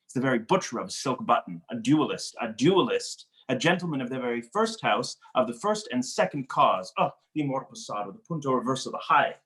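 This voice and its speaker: A man reading the part of a witty, mocking young nobleman in a cold read of a stage play over a video call, with playful, animated delivery. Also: mid-range voice. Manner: playful, teasing, animated wordplay.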